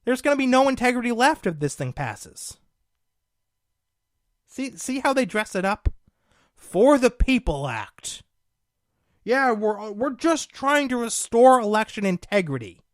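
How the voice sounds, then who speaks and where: A young man with a very high, animated voice hosts a political talk show at normal speed, delivering combative, sarcastic commentary and addressing his audience as "folks." The recording is dry and studio quality.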